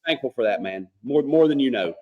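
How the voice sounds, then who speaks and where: A former Marine telling profane, animated service stories on a casual podcast. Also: male voice, mid-range voice, fairly quick, highs cut off. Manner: profane, animated storyteller acting out quotes.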